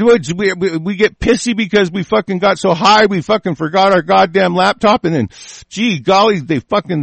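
A man's voice: high voice, creaky, fairly bright tone, no room sound. A man in a furious, profanity-laden solo rant, commenting on the news. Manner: furious, heavily profane ranting. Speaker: political commentator.

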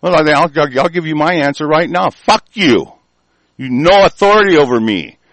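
A man from the United States delivering an angry, profane political rant, swinging from loud outbursts to low muttering. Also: brisk, no echo, poor audio.

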